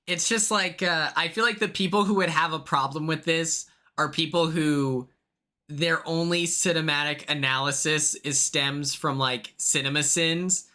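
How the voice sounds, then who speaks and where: A co-host on a casual stream, joking with animated asides. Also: mid-range voice, unhurried.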